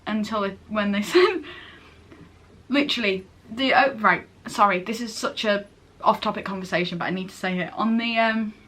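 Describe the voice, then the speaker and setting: Bright-voiced gushing teenage girl. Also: medium pitch, normal speed. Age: late teens. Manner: gushing, rambling, self-interrupting. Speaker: vlogger. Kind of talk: casual chat.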